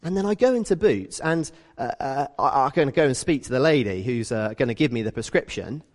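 A British man giving a conversational sermon, telling stories in a lively way and acting out the people in them. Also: medium pitch, a little fast, long reverb tail. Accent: British English. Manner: lively storytelling, acts out quoted people. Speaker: preacher.

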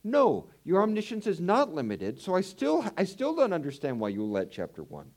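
Lively conversational male preacher. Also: high voice, moderate pace. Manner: animated, conversational, with personal anecdotes. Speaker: preacher teaching a Bible study. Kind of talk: sermon.

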